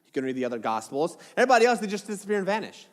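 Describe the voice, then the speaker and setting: Lively casual pastor in a reverberant hall. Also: male voice, high voice, very fast. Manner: casual, joking asides with dramatic retellings. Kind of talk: sermon.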